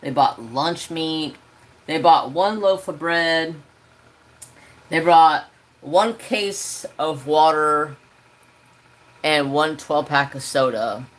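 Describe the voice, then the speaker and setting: A man's voice: on the high side, slow pace, pauses often. Man ranting through a casual story. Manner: animated ranting, swears freely. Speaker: crafting channel host.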